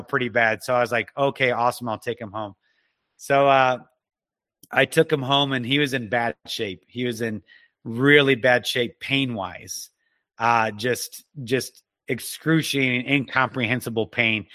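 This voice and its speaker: A man giving an emotional personal testimony as a guest, earnest and halting, often restarting his sentences. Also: mid-range voice, sharp tone, no room sound. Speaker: guest telling a personal story.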